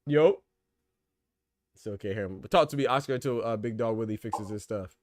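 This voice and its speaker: A man's voice: on the low side, normal speed, no echo. Slangy, laughing male podcast host. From Florida. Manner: loose, slangy, laughs often. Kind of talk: casual livestream chat.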